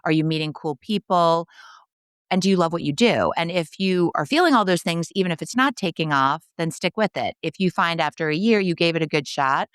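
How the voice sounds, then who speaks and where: A woman co-hosting a podcast in casual chat, quick to agree and relate to her guest. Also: on the low side, animated, fairly bright tone, clear, resonant tone, no echo, clean studio sound. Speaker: podcast co-host.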